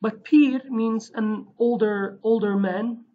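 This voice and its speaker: Woman, language teacher, chatty and rambling, breathy voice, muffled lo-fi recording. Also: on the high side, steady tone, takes it slowly. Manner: chatty, digressive, frequent fillers and self-corrections. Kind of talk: casual online language lesson.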